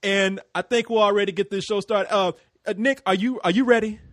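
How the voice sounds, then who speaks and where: An American man hosting a casual group podcast, loud, laughing and swearing freely. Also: sits high, steady tone, fairly quick, dry recording. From United States. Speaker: podcast host.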